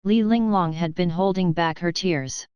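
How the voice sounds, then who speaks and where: A woman narrating a novel audiobook in a steady, even reading on a close mic. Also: fairly low pitch, normal speed, clear, resonant tone, dry recording, lo-fi sound. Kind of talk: scripted narration.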